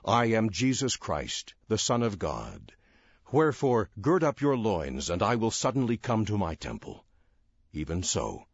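A man reading scripture verses aloud in a slow, solemn, declamatory way. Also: on the low side, wildly swooping pitch, slightly rough, no echo. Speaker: scripture reader. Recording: dull lo-fi dry recording.

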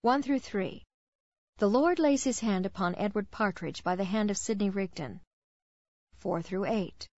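A woman reading scripture verse summaries in a plain, even, formal way. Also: medium pitch, unhurried, no echo. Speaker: scripture reader. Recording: dull lo-fi dry recording.

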